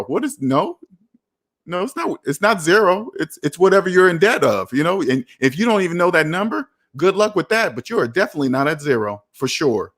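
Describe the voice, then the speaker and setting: A man hosting a personal finance show, reading viewer comments and reacting in an emphatic, preachy way, with sudden excited whoops. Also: high-pitched, brisk.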